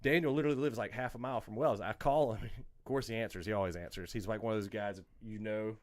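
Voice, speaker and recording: A man from North Carolina, hosting a podcast and telling a story in casual chat, animated and cursing freely. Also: fairly low pitch, fast talker. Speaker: podcast host.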